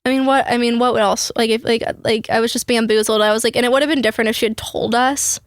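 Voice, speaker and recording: A young woman telling a travel story in an animated, swearing, quick way as a podcast host. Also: fairly high pitch, dry recording, clean studio sound. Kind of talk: casual storytelling chat.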